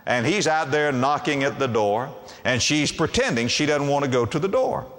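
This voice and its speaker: A male pastor delivering a sermon, his voice swinging widely up and down in pitch as he poses rhetorical questions. The sound carries the long reverb of a large hall. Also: animated, moderate pace, a bit bright.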